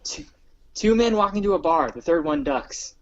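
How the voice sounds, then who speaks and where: A man's voice: on the high side, animated, normal speed, dull audio. A young man rambling through stories in a casual chat with a friend, restarting sentences and mimicking people's voices. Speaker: co-host.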